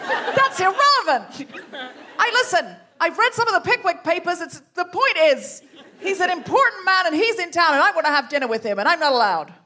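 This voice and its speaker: A woman's voice: very high-pitched, lively intonation, brisk, pushed and bright, a faint crowd, pitched above the performer's own voice, exaggerated voice. A woman improvising a fiery nineteenth-century woman journalist who rallies her friends with indignant speeches. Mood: rousing indignant. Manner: rousing, indignant speech-making. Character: fiery 1860s woman journalist, club ringleader. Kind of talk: improvised comedy scene on a live stage.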